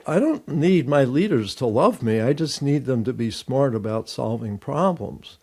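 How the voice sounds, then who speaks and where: An older man, a therapist and author, giving measured, explanatory answers in an interview, thinking aloud as he goes. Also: mid-range voice, expressive, a little mellow, slightly rough.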